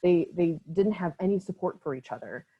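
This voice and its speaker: A woman's voice: on the low side, expressive, fairly quick, husky. A young woman from Wisconsin with an Upper Midwest accent gives an online training talk for a mental health nonprofit, speaking casually with many fillers and a frequent "right?". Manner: casual, filler-heavy, often tags "right?". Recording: slightly dull lo-fi call audio.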